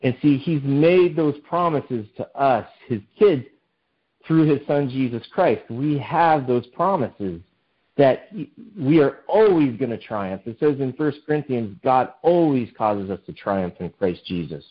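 A man's voice: medium pitch, expressive, measured pace, slightly rough. A man giving an informal sermon, reading scripture aloud and then explaining it in a conversational way with many fillers. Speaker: pastor. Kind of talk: informal Bible study sermon. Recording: dull lo-fi sound.

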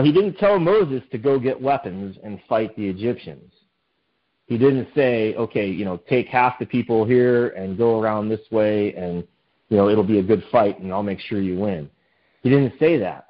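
A man giving an informal sermon, reading scripture aloud and then explaining it in a conversational way with many fillers. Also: fairly low pitch. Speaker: pastor. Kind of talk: informal Bible study sermon. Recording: dull lo-fi sound.

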